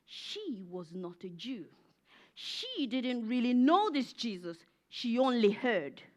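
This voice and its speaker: Female preacher, high and animated, emphatic and repetitive sermon delivery. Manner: emphatic, repetitive, rising to fervent peaks. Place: church.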